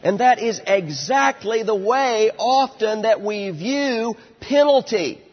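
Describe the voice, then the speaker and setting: A man in his thirties preaching a sermon, emphatic and slowing down on key words, dropping to a quieter storytelling tone for anecdotes. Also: high-pitched, lively intonation. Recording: dull lo-fi sound with long hall reverb.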